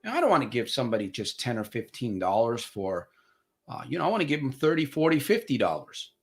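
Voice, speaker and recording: A man's voice: mid-range voice, big pitch swings, fast. A man hosting a live motivational broadcast as a recovery coach. He talks to viewers as friends in a preachy way, repeats his phrases for emphasis, and reads out viewer comments. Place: home studio with green screen.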